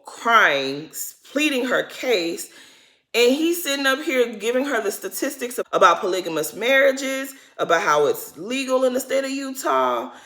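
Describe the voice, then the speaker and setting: A woman's voice: fairly high pitch, a bit bright. A woman vlogger giving a sassy, blunt, casual recap of a reality show, talking straight at the cast and calling them "girl.". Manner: addresses cast members directly as "girl". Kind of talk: casual reaction commentary.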